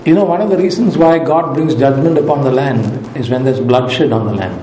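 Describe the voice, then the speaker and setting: A man delivers a sermon in a mellow, warm voice. He speaks emphatically and repeats his key phrases for weight. The hall around him is roomy and echoing, with a faint hiss underneath. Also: medium pitch, normal speed. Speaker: preacher.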